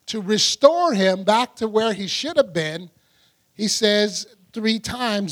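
A man's voice: sits high, lively intonation, measured pace. A man preacher giving conversational Bible teaching, chatty, laughing often and acting out scenes.

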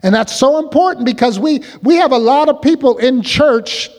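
High-voiced preaching man in a reverberant hall. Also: expressive, normal speed, a little mellow. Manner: call-and-response preaching, asks the congregation questions. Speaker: pastor. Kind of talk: sermon.

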